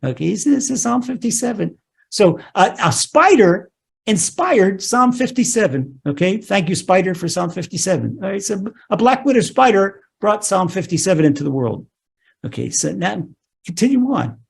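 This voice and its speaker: A man teaching as a rabbi, telling a scripture story in an animated way, restarting phrases and saying "okay" often. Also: sits high, moderate pace, vocal fry, slightly rough.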